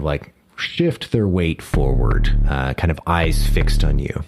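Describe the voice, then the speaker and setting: Deep-voiced male game master. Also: slow pace, gravelly, few pauses, over music. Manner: casual, with filler and self-corrections. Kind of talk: narrating a tabletop game.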